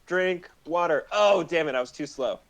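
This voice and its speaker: A man's voice: fairly high pitch, expressive, normal speed. Rambling, giggly man co-hosting. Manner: rambling, lots of fillers, laughs easily. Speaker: co-host. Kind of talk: casual chat.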